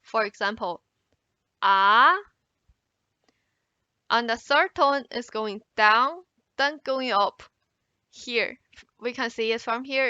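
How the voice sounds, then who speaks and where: A woman with a Mandarin Chinese accent teaching an introductory language lesson, explaining slowly and exaggerating tones in her examples. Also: a little high, sharp tone, clear, resonant tone, no room sound, highs cut off. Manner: slow, careful explanation, exaggerating tone contours in examples.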